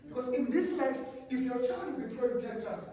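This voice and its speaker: A South African man with an isiXhosa-speaking accent, preaching to couples at a retreat in an animated way, often repeating his words. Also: very high voice, brisk. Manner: animated, repeats words, mimics a parent calming a child. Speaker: pastor. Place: conference room at a resort. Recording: roomy hall, voice from far off.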